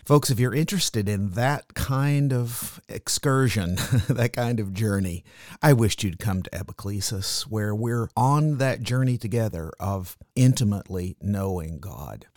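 A man's voice: on the low side, lively intonation, unhurried, a little mellow, no echo, clean studio sound. A man, a pastor, hosting a Christian radio talk show in an affirming pastoral manner.

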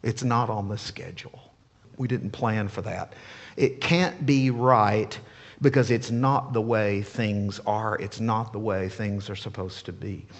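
Husky male preacher in an echoing hall. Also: fairly low pitch, a little slow. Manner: animated, playful, rhetorical questions. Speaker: pastor. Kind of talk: sermon.

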